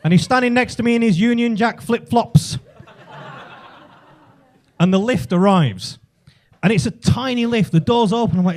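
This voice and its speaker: An English comedian with a strikingly high voice that swings up and down as he spins stories. His storytelling is profane and animated, and he shouts out the punchlines. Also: normal speed. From England. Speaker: stand-up comedian. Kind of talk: stand-up comedy set. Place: comedy club stage.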